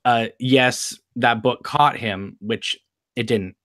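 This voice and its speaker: A man co-hosting a live podcast stream in casual chat, laughing often and talking in halting restarts. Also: mid-range voice, a bit bright. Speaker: podcast co-host.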